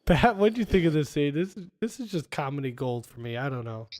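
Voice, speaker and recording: Higher-voiced man recapping a film. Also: a little fast. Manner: animated retelling, acting out quoted lines. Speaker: podcast host. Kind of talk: casual chat, recapping film scenes.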